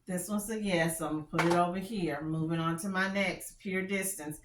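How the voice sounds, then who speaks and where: A woman's voice: fairly low pitch, steady tone, moderate pace, reverberant, noisy background. A woman with a country Texas drawl chatting candidly as she reviews fragrances, often restarting her sentences. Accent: Texan. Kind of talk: casual product review chat.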